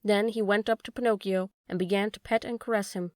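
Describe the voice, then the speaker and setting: A woman reading a children's story aloud as an audiobook narrator in steady scripted narration. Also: medium pitch, brisk, no echo, clean studio sound.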